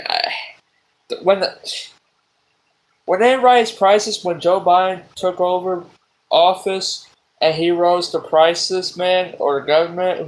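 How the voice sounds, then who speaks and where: Slow-talking ranting man, high voice. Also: rough recording. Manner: exasperated, swears often, with loud outbursts. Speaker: livestream host. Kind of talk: rambling live-stream rant. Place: at a table at home.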